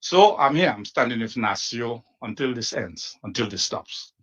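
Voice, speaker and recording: A man gives an earnest statement of support, hesitant at first and searching for words. His voice sits at a middling pitch. The recording sounds dull and lo-fi. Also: animated, normal speed, fairly bright tone. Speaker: doctor and supporter. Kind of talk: earnest statement at a news interview.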